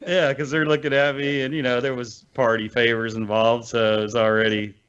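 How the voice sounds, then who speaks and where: A man's voice: medium pitch, flat delivery, brisk, fairly bright tone, clean tone, highs cut off. A man hosting a podcast, telling rambling anecdotes full of fillers in casual chat. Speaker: podcast host.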